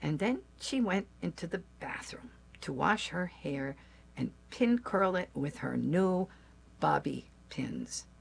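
An older woman tells a family story in a slow, unhurried storytelling voice. Her tone is gravelly and husky, a little low for a woman, with gentle pauses between her phrases. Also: expressive. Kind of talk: personal story told aloud.

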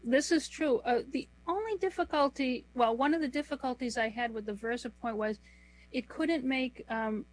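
A woman in middle age talks through her work as an interview guest, her voice sitting a little high for a woman. She explains patiently and takes things one at a time, slowing down when she lists items. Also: poor audio. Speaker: author and guest. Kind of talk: conversational interview answers.

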